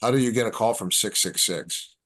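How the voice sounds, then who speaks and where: A man's voice: fairly low pitch, a little fast. A man in casual podcast chat, telling stories and acting out the dialogue. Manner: relaxed storyteller, acts out quoted dialogue. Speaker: podcast guest.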